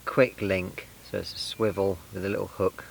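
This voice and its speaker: A man's voice: low-pitched, little pitch movement, moderate pace, creaky, slight background noise, low-quality recording. A man from England filming a casual fishing vlog outdoors by a lake, chatting and explaining his tackle step by step. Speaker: angler vlogger.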